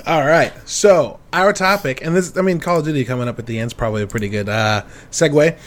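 An excitable man leads a casual gaming podcast, his voice pitched a little higher than most, laughing often and swearing now and then. There's a faint hiss of noise under the recording. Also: a little fast. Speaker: podcast host. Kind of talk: casual chat.

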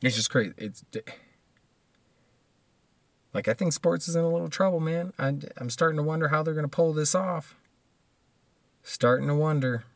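A man's voice: fairly high pitch, moderate pace, pauses often, no room sound. A man, ranting casually and profanely in a monologue, laughing often between points.

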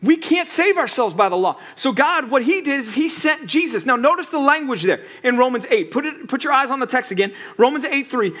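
High-voiced pastor preaching with sweeping dynamics. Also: male voice, big pitch swings. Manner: swings between loud emphatic peaks and quiet low asides; reads scripture slowly, stretching key words. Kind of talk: sermon.

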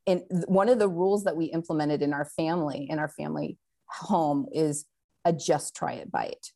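A woman's voice: low-pitched, moderate pace, vocal fry, warm tone. A woman guest on a faith talk show, telling a story animatedly and laughing often.

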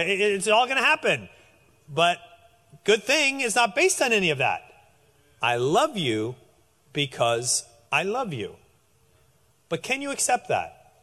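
A man preaches in a loose, conversational way, stumbling over restarts as his voice leaps up and down. His tone is bright and a little high for a man. A long reverb trails his words, as in a hall. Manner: animated, conversational, with frequent restarts. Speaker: pastor. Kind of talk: sermon.

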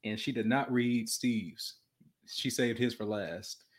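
A man's voice: mid-range voice, slow pace. A young man telling a story in casual talk, earnest and often restarting and repeating words, and he says he has a stutter. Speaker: podcast guest.

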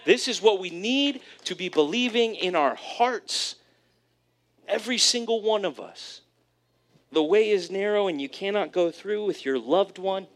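A man preaching a sermon, telling a personal story in an animated way, often checking in with "right?". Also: sits high. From California, USA. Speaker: pastor.

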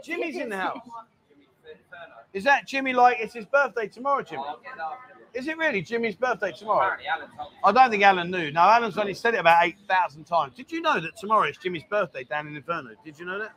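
A man's voice: high voice, lively intonation, fast, sharp tone. A man hosting a casual livestream from a bar, teasing his guest and reading viewer comments aloud. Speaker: bar show host.

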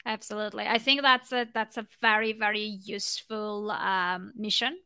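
A woman's voice: medium pitch, fairly even intonation, moderate pace, clear, resonant tone, no echo. A woman hosting a podcast interview in casual chat. She often repeats words and fills gaps with ums. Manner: repeats words, many ums, warm thanks. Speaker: podcast host.

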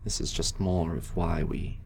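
A man doing a gruff, stern knight. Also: sits low, steady tone, measured pace, a little hiss or hum. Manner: loud, brusque.

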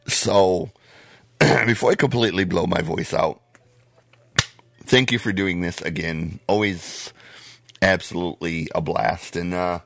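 An American man hosting a podcast in casual, profane chat, his voice hoarse and wearing out. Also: sits low, a bit bright, no room sound. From United States. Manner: blunt, profane, laid-back. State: losing his voice. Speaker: podcast host.

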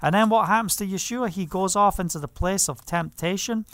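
A man's voice: sits high, a little fast, a bit bright, no room sound. A man preaching a sermon, reading scripture aloud and stressing points with frequent hallelujahs. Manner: emphatic, punctuates with hallelujah.

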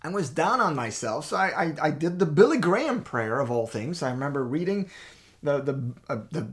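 Male co-host of a faith talk show. Animated and emphatic, with frequent restarts. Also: fairly high pitch, moderate pace. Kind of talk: faith talk with personal stories.

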